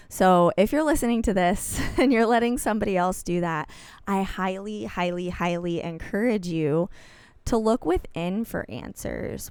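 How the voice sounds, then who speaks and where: Smooth-voiced woman podcast host. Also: mid-range voice, no room sound. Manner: earnest, encouraging, emphatic. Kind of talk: solo podcast talk.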